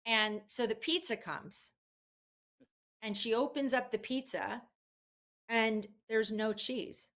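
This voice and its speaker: A woman guest in a casual interview, telling an animated story with lots of fillers. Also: fairly high pitch, takes it slowly, long pauses. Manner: chatty, animated, many fillers. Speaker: guest, publicist.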